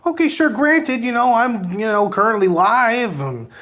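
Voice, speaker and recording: A man's voice: extremely high pitch, expressive, measured pace, a bit bright, pitched above the performer's own voice, full character voice. A man putting on a sarcastic voice of a panicky man who keeps insisting he is not scared, mocking and repeating himself.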